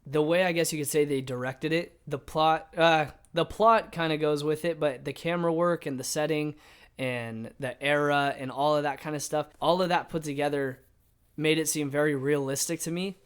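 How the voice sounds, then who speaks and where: A man's voice: fairly high pitch, steady tone, normal speed, smooth. A man co-hosting a casual movie review podcast, talking in an easygoing way with frequent "you know" and short agreements. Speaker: podcast co-host.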